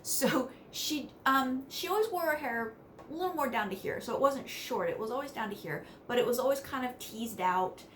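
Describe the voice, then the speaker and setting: A woman's voice: sits high, moderate pace, a little hiss or hum. A woman from West Virginia telling family stories to camera in a chatty, casual way. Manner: chatty, laughs between sentences, animated asides. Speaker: vlogger.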